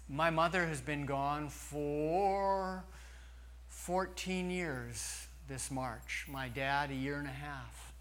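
A man preaching a sermon slowly and earnestly, with long pauses. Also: fairly high pitch, a bit bright. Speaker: pastor.

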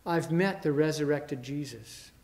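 Male preacher, emphatic, slightly higher voice, recorded in a reverberant church hall. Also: unhurried, darkish tone. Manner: rising emphasis, dramatic quoted mockery. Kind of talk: sermon.

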